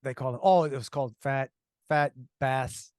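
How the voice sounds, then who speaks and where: A man's voice: mid-range voice, normal speed, darkish tone, clear, resonant tone, no echo, clean studio sound. A middle-aged man co-hosting a podcast, telling rambling stories in casual chat with restarts and laughs. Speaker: podcast co-host.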